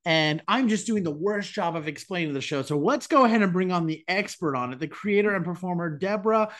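A man's voice: sits high, expressive, fairly quick, a bit bright. A man hosting a theater podcast, reading an enthusiastic intro and asking interview questions. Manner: upbeat, enthusiastic presenter. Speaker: podcast host.

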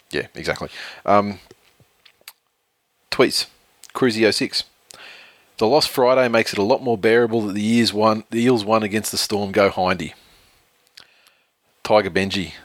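A man chats casually as a sports podcast co-host, reading tweets and reciting scores. His voice sits low and is laughing often. The recording is dry and close, with no room echo.

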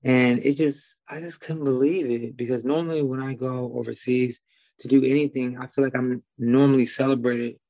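A man's voice: mid-range voice, steady tone, moderate pace, mellow, dry recording, dull audio. A man from Detroit with a slight Midwest twang, a guest talking casually and rambling with many fillers and restarts. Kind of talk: casual conversation.

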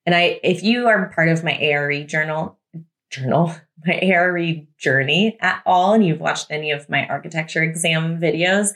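A woman's voice: deep voice, normal speed, a bit bright. A young adult woman in a casual advice vlog, chatty, repeating words for emphasis with a few fillers. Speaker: YouTuber giving advice.

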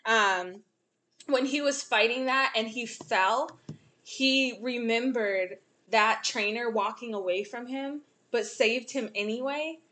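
A young woman in casual chat, animated and profane, often laughing as she talks. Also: fairly high pitch, takes it slowly.

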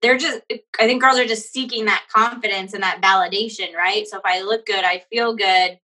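Woman podcast co-host, 40s, bright voice, rambling chatty storyteller. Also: medium pitch, fairly even intonation, brisk, rough recording. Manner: rambling storytelling with frequent "like" and laughs. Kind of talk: casual chat.

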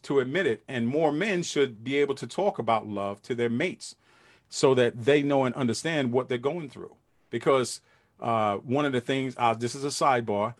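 A middle-aged man hosts a livestream, speaking to his viewers casually and earnestly in loose street slang packed with fillers. His voice is mid-range, and the recording is dry with clean studio sound.

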